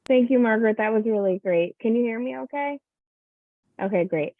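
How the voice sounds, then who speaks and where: Female meeting chair, cordial, gravelly tone; dry, phone-like audio. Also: a little high, moderate pace, dry recording.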